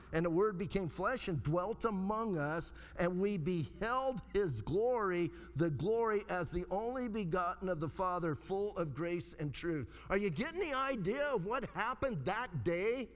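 Animated male preacher in a reverberant hall. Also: a little slow, hardly any pauses. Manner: animated, conversational preaching with dramatic pitch swings. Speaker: pastor. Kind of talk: sermon.

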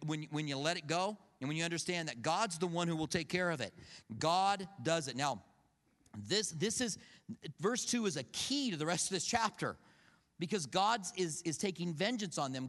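A man preaching in a conversational way, his voice a little higher than most men's and carried by the long echo of a big hall. He tells personal stories and acts out what people said in lively bursts. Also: moderate pace. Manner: storytelling, acts out quoted voices, animated. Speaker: pastor. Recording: long reverb of a large hall.

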